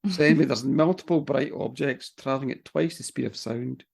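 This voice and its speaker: A man co-hosting a podcast in a relaxed, wry, casual way. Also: mid-range voice, fairly quick, gravelly, breathy edge. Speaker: podcast co-host. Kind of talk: casual chat.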